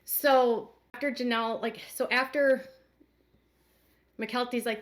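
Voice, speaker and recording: A woman's voice: fairly high pitch, fairly even intonation, unhurried, fairly bright tone. A woman hosting a commentary channel, recapping and speculating in a chatty way with lots of fillers. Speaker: commentary host.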